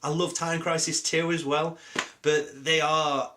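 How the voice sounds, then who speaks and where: A young British man with a sore throat and a cold, answering viewer questions in a rambling, jokey, deadpan way with many ums. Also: fairly high pitch, a little slow, a little hiss or hum. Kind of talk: rambling casual Q&A.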